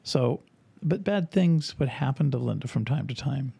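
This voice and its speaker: A man hosting a podcast, casually telling an animated story and acting out the voices of people in it. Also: medium pitch, normal speed, creaky, slightly rough, no echo. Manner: animated anecdote telling, acts out quoted voices. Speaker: podcast host and author.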